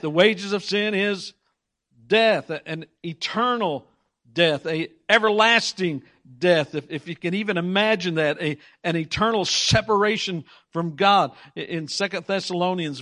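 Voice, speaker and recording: A man's voice: high-pitched, measured pace, a bit bright. A man preaching a sermon, reading scripture aloud and repeating words for emphasis while he puts questions to his congregation.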